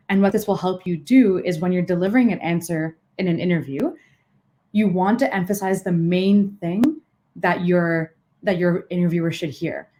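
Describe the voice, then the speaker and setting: A young woman coaching job seekers in a live online workshop, energetic, with frequent "so" and "okay" as she shifts emphasis. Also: lowish voice. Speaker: interview coach.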